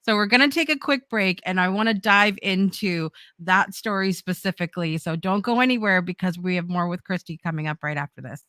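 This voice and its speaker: A woman hosting a talk show, with a lowish voice and a dry, close sound. She thinks aloud and keeps restarting her sentences before she leads into a break. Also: fairly quick, few pauses, bright, forceful tone, no room sound. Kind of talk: interview talk.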